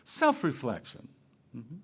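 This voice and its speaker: A man's voice: a little high, wildly swooping pitch, slow pace, a bit bright, slightly rough. A man giving a sermon to his congregation in a conversational, playful way, asking questions and acting out quoted phrases. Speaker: minister. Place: church sanctuary.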